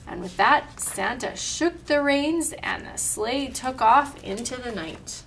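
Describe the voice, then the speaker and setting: Storytime reader, woman, slightly high voice, animated, expressive. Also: slow, few pauses, far from the mic, a little hiss or hum. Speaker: storyteller and craft leader. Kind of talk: storybook read-aloud.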